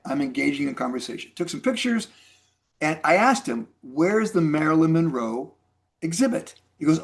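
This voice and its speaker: A man in his sixties telling casual personal stories to a group as a mentor speaker, acting out the dialogue as he goes. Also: a little high. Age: 60s. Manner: chatty, animated storyteller acting out dialogue.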